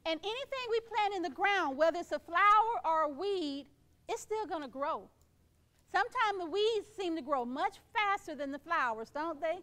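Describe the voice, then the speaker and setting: Middle-aged woman, keynote speaker; very high voice, encouraging and playful delivery. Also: lively intonation, moderate pace, sharp tone. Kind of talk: motivational keynote speech.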